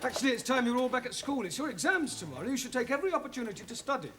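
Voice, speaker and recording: A man's voice: extremely high pitch, sing-song, rapid-fire, background noise. An actor playing a polite, exasperated male schoolteacher, in a 1970s sitcom with audience laughter. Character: patient adult male English teacher.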